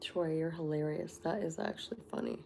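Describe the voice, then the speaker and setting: 40s woman rambling on her livestream, lots of "like", gravelly voice. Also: sits low, flat delivery, brisk, dark tone, a little hiss or hum. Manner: chatty, filler-heavy with many "like"s. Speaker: livestream host. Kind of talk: casual livestream chat with viewers.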